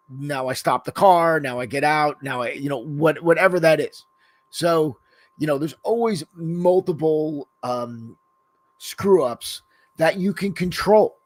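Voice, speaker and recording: A podcast co-host with a fairly high-pitched voice chats loosely and rambles, swearing freely and filling pauses with "you know." The recording has no echo.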